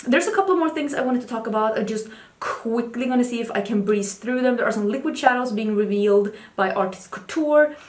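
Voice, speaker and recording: In a roomy-sounding recording, a beauty vlogger with lively intonation speaks a little fast, chatting candidly and casually about new makeup releases. She turns to her cat now and then with a high baby voice.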